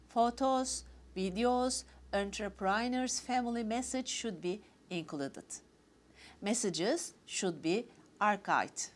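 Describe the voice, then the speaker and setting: Woman reading formal remarks, lively pitch. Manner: formal, list-like delivery. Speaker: host.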